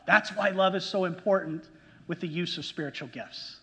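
Male pastor, high voice, emphatic preaching style, recorded in a reverberant sanctuary. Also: a bit bright. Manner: emphatic, pausing to ask the congregation questions. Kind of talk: sermon. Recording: long hall reverb.

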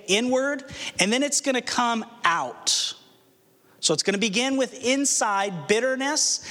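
Guy preaching a sermon, pretty high voice, earnest, lots of questions to the crowd, echoey hall. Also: fairly bright tone. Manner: earnest preaching with rhetorical questions and dramatic slowdowns. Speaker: pastor.

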